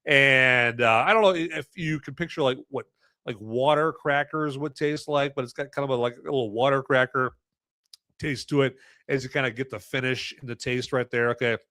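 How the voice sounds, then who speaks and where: A man's voice: mid-range voice, pushed and bright, no room sound, clean studio sound. A man hosting a live podcast, chatting casually in a rambling, self-mocking way with jokey asides. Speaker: podcast host reviewing movies and beer. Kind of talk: casual live-stream chat.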